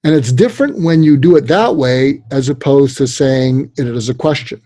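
A man's voice: medium pitch, moderate pace, no room sound. An older man, a psychiatrist guest on a podcast interview, telling stories and acting out the voices of people he quotes. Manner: animated storyteller, acts out quoted voices.

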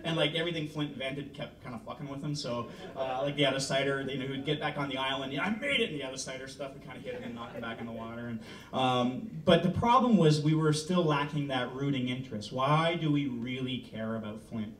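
A man from Canada, a film director, pitching a story to an audience in a loose, joking, casually swearing way. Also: fast talker, crowd noise. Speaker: film director giving a talk. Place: presentation room. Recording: roomy, from far off, faint rumble.

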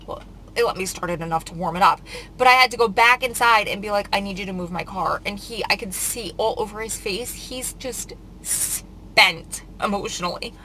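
Upset lady venting on her vlog, rambling w lots of likes, kinda tense sharp voice. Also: medium pitch, normal speed, slight background noise, rough recording. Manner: emotional, rambling, many "like" fillers. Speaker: vlogger. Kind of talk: casual confessional storytime.

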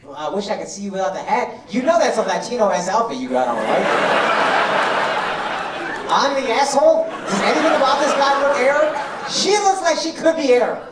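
A man's voice: very high-pitched, lively intonation, brisk, very noisy. A male stand-up comedian doing crowd work, brash and profane, teasing people in the audience. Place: comedy club stage. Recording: echoey club from a distance, loud crowd. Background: crowd laughter.

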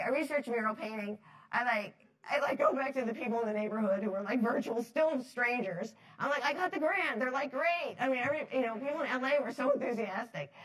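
A woman from New Jersey giving a talk to an audience, telling stories in a lively, chatty way, laughing often and acting out the voices she quotes. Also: on the high side, poor audio. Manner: chatty, many fillers like "like". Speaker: speaker at a foundation talk series.

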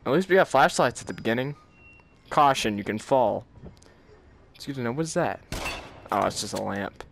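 A man's voice: medium pitch, expressive, moderate pace, creaky. Jumpy gamer guy in a noisy room. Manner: jumpy, nervous laughter, muttered exclamations. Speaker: gaming channel host. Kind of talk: let's-play commentary.

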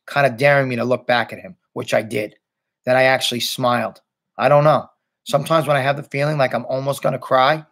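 A man reads a novel aloud in the first person, with a steady, plain delivery. His voice has a gravelly texture at a medium pitch. Now and then he drops in a short casual aside. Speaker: reader.

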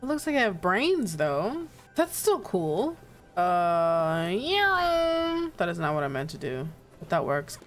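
A young woman playing a video game and chatting casually as she goes, excitable and giggly. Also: on the low side, takes it slowly, faint music behind. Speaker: gaming streamer. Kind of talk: casual let's-play commentary.

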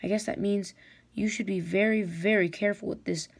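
A woman's voice: medium pitch, steady tone, brisk, vocal fry, breathy edge. A woman reading aloud and voicing a cruel, mocking female dragon warlord in a storybook reading, with a taunting, sneering manner.

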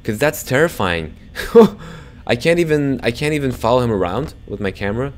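A young man commentating a horror game for his viewers, jumpy and quick to swear when startled, talking to the audience as he plays. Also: mid-range voice, animated, slight background noise. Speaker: gaming YouTuber.

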